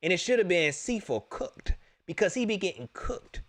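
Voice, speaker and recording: Animated man in casual sports talk. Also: sits high, normal speed. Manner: animated, repetitive, joking trash talk. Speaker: host of a sports talk stream.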